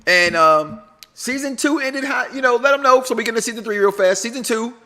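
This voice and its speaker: A middle-aged man co-hosting a TV review show in casual chat, playful and teasing, swinging from mumbles to shouts. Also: extremely high pitch, animated, fairly quick.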